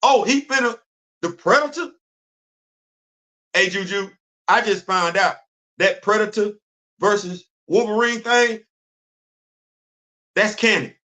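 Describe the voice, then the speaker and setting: Man, fairly high voice, casual commentary host, animated, repeats himself, acts out conversations. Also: slow pace, long pauses. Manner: informal, speaks in African American Vernacular English.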